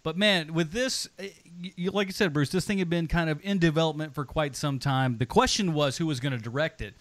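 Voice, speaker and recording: A man's voice: a little high, brisk, no room sound. A man co-hosting a movie podcast, rambling and joking in casual chat. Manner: animated, rambling, jokey asides. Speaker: podcast co-host.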